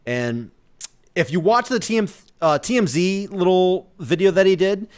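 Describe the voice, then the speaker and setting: A man co-hosting a wrestling podcast in casual chat, excitable, cursing freely and restarting his sentences. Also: high-pitched, normal speed, clean tone. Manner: excitable, swearing, trailing restarts. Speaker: podcast co-host.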